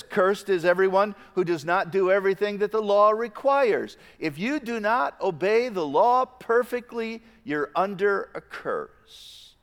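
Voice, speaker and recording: A man delivering a sermon, his somewhat high voice leaping up and down in pitch as he drives home each point. He alternates forceful emphasis with hushed, low asides. The sound carries the long reverb of a large hall. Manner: emphatic preaching, swings between loud stresses and quiet low asides. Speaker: pastor.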